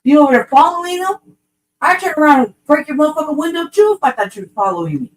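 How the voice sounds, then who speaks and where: A woman's voice: sits high, expressive, fast, slight background noise. A woman co-hosting a casual podcast discussion, ranting bluntly with profane street slang. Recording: voice distant from the mic.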